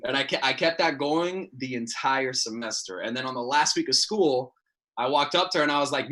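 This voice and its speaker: A young man from Miami performing stand-up comedy with animated, self-deprecating storytelling. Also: mid-range voice, a little fast. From Miami, United States. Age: young adult.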